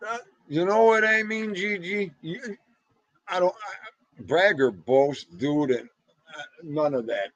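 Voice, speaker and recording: A man's voice: sits high, slow, long pauses, no echo, dull audio. A middle-aged man with a North Jersey accent, rambling in casual livestream chat and greeting viewers by name. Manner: rambling, animated, Italian-American slang. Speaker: livestream host reading chat.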